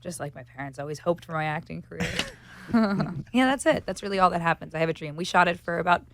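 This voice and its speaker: A woman in her twenties, a guest actress in a casual chat, telling jokey stories with laughs and quick voices for the people in them. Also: lowish voice, creaky, a bit bright, slight background noise. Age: 20s. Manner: jokey, laughing, acts out other people's lines.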